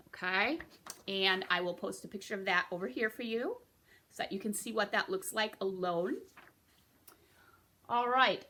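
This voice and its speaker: A woman with a bright, clear-toned voice leads a beginner recorder lesson. She talks patiently, guiding step by step and checking in often to keep the class with her. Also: mid-range voice. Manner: patient, encouraging, checks in with frequent okays. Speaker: music teacher.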